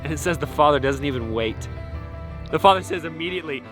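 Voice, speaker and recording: Man, sermon, high-pitched, emphatic pauses, faint background music. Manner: animated storytelling, emphatic pauses. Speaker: preacher. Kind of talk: sermon retelling a parable.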